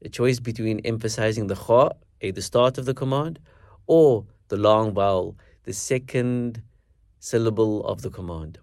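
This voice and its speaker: A man with a fairly low voice teaches a recitation lesson in a measured, explanatory way. He slows down to demonstrate words carefully. The sound is close and dry, with no room around it. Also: darkish tone, dry recording. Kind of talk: instructional lesson with recited verses.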